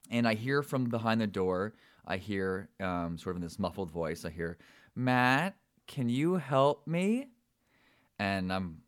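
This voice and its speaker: A man's voice: sits low, dry recording, studio quality. A young adult man hosting a podcast, telling a personal story in a rambling way with fillers and repeated words. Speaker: podcast host.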